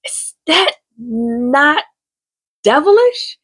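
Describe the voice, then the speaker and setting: A woman vlogger recapping a soap opera in a sassy, slangy, animated way, talking straight to the viewer. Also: fairly high pitch, moderate pace. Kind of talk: casual chatty recap.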